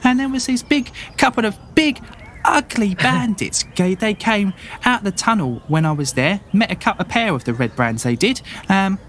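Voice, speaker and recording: A man voicing an excitable young farm boy who plays at being a knight, eager and boastful. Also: moderate pace, a little hiss or hum. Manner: high-pitched, eager and boastful.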